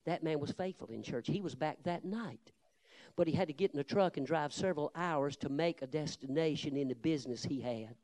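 A man preaching a Baptist sermon, telling folksy stories and moving from low, confiding tones to loud, shouted rebukes. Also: brisk. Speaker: Baptist pastor. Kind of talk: fiery storytelling sermon.

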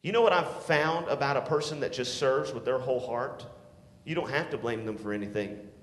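A man preaching a sermon to teenagers, swinging from shouts to hushed tones and calling for responses. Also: mid-range voice, a little fast. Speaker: youth pastor. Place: church sanctuary. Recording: echoey hall.

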